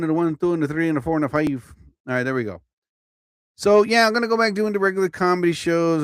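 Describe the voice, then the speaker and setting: Here a male comedian hosts a casual, rambling livestream from home while a TV plays overhead, chatty and self-interrupting, laughing at himself and yawning a little since he's a bit tired. He speaks into a phone or computer mic. The voice is a little high and clean-toned, the recording dry and of studio quality.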